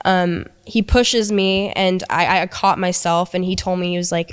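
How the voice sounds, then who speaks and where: Smooth-voiced young woman telling a hard story. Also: on the low side, fairly even intonation. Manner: halting, many restarts and quoted dialogue. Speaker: interviewee recounting abuse. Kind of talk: emotional storytelling.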